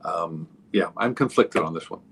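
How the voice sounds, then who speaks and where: A man's voice: deep voice, normal speed, breathy edge. A man, a comedian guest in casual panel chat, joking playfully. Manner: playful, lively intonation.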